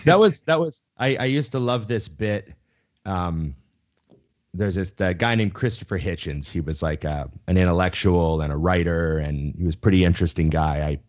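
A man's voice: low-pitched, moderate pace, a little mellow. A young man co-hosting a podcast in casual chat, rambling and swearing freely, often restarting his sentences. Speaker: podcast co-host. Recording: slightly dull lo-fi sound.

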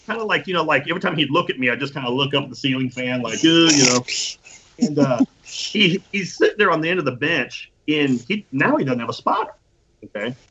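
A man casually telling an animated, profane anecdote and acting out the quotes. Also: on the high side, fairly quick, slight background noise. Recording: dull lo-fi recording.

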